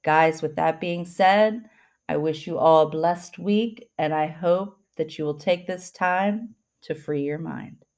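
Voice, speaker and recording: Her voice sits low with a darkish tone as she hosts a spiritual self-help podcast. She talks earnestly, full of fillers and false starts, and delivers affirmations in a slow, deliberate way.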